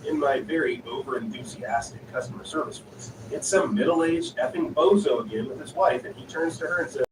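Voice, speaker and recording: A man reading online stories aloud in an even, unhurried narrating style. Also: mid-range voice. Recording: echoey, distant voice with noisy ambience.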